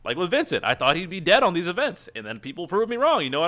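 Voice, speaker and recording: A male streamer rants fast and at length while hosting a casual game stream, often starting over and reading chat aloud. His voice is high-pitched, pushed and bright, swinging widely in pitch.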